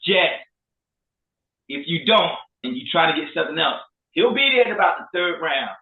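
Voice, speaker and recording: A man co-hosting a casual sports talk show, animated and profane. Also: fairly high pitch, normal speed. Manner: animated, profane, trash-talking. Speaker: co-host. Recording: echoey room, phone-like lo-fi.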